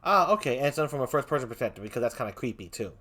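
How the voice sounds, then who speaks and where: A man's voice: mid-range voice, animated, very fast, sharp tone. A man hosting a casual livestream interview, chatty and upbeat, greeting viewers as he goes. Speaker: show host.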